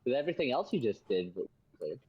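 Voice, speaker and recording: A man playing in a tabletop game, speaking in a hesitant, halting way. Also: medium pitch, sing-song, darkish tone, breathy edge, dry recording, dull audio. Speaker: player. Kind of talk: casual tabletop game play.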